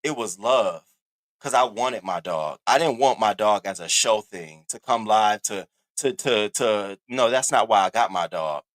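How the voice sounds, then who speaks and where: A man hosting a commentary channel, chatting casually, loud and profane, talking straight to his viewers. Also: fairly low pitch, animated, unhurried, no room sound.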